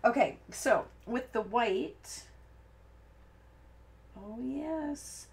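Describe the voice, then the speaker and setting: Here the crafting host's voice is a little high with lively intonation, delivered very slowly. During her live-stream card-making tutorial she chats and wanders off topic, often stopping mid-sentence and laughing at herself when she slips.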